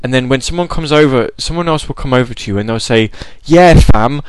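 A man's voice: medium pitch, fast talker, smooth, no echo. A man chatting casually, rambling and joking at his own expense. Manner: rambling, joking, self-deprecating. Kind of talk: casual chat.

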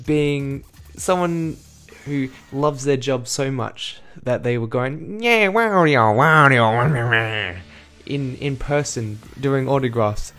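A man's voice: mid-range voice, a little mellow. Young man recapping his day on his vlog, rambles, corrects himself with dry asides. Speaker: vlogger.

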